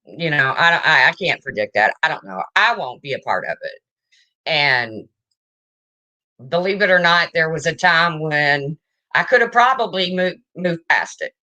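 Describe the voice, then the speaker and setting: A woman's voice: deep voice, expressive, normal speed, pushed and bright. A woman hosting a casual livestream, chatting and answering viewer comments as they come in. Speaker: livestream host.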